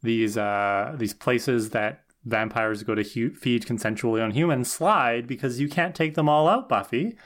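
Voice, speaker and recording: In a casual podcast discussion, a male co-host thoughtfully talks through a TV episode, often restarting his sentences and checking in with "right?" His voice is medium-pitched and a bit bright, at a normal speed with hardly any pauses.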